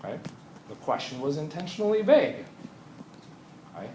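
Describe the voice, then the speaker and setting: A man's voice: a little high, big pitch swings, moderate pace, background noise. A man teaching a chemistry class in a conversational lecture, often checking in with his students. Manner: conversational, often asks "Right?".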